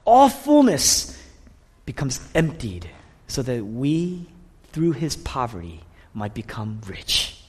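A man preaching a sermon in a church, swinging between loud declarations and hushed whispers. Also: mid-range voice, sing-song, slow, a little hiss or hum. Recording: long reverb of a large hall.

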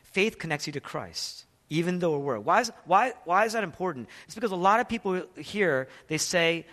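A male pastor preaching a sermon, emphatic, asking questions and answering them, and swinging from loud passages to hushed ones. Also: high-pitched, lively intonation, normal speed, hardly any pauses. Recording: long reverb of a large hall.

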